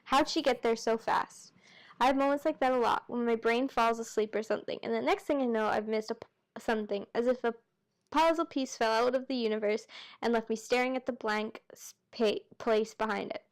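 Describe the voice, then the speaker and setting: Amateur reader, female: casual read-aloud, chatty asides, self-corrections, slightly high voice. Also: fairly quick.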